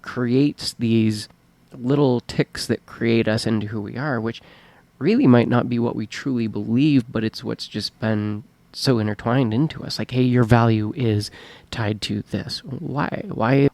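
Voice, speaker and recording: A man with a mid-range voice thinks out loud in a relaxed podcast chat. He rambles and reflects, and fills his sentences with "like" and "you know". The recording is close and dry. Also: medium pitch, unhurried, creaky, dry recording. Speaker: podcast co-host. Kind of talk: casual chat.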